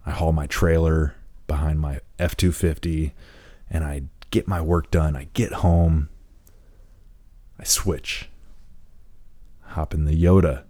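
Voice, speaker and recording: A man's voice: rumbling low, steady tone, takes it slowly, pauses often, warm tone, dry recording. A man hosting a podcast, telling a long story in a laid-back, rambling way and swearing often, speaking close to the mic. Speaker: podcast host. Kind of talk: casual storytelling monologue. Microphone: close microphone.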